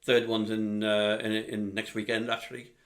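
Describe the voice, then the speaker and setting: A man's voice: on the low side, completely flat delivery, moderate pace, a bit bright. A middle-aged man, co-hosting a casual podcast, hesitant with many ums and uhs. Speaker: co-host, father of the host.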